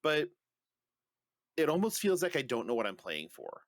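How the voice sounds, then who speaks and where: A man's voice: mid-range voice, huge pitch swings, normal speed, no echo. Podcast cohost guy, jokey and blunt, swears a lot, dry mic. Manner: joking, blunt, swears freely. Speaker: podcast co-host. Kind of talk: casual chat.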